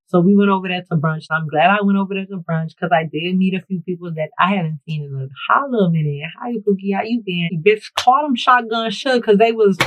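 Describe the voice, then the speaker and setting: A woman's voice: fairly low pitch, dry recording. A woman vlogger telling a story to her viewers while getting ready, chatty and profane, with sudden bursts of emphasis. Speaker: beauty vlogger. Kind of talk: casual get-ready-with-me storytime. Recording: dry, tinny phone-like audio.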